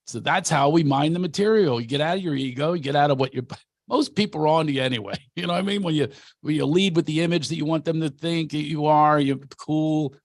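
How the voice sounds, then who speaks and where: A comedian speaking to an audience of actors, telling stories in an animated way, often acting out what people said and laughing at himself. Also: male voice, fairly high pitch, fast, dry recording, studio quality. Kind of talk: storytelling talk.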